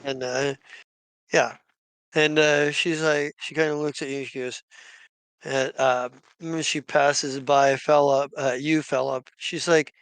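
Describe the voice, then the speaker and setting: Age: adult. Role: slow, halting game master. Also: male voice, a little high, flat delivery, fairly bright tone, clear, resonant tone, dry recording. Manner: halting, many restarts. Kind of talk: narrating a tabletop game.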